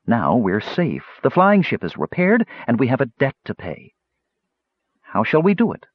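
A man voicing a blunt, forthright young woman warrior, raising his pitch for her. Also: huge pitch swings, moderate pace, slightly rough, no room sound, lo-fi sound.

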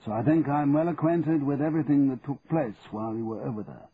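In an audiobook, a man voices a formal, courteous elderly male solicitor with a dry, precise manner. He speaks fast at medium pitch, slightly rough and pushed up, yet natural-sounding. The audio comes over a tinny, narrow-band line with faint hiss.

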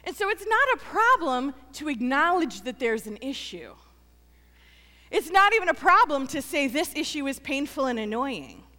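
A fairly high-voiced woman pastor delivers a sermon in a church, her voice trailing off into a long hall reverb. She talks earnestly to the congregation, pressing points with repetition and then easing down to a hushed, intimate tone. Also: big pitch swings, moderate pace. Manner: earnest, building to emphatic repetition then dropping soft.

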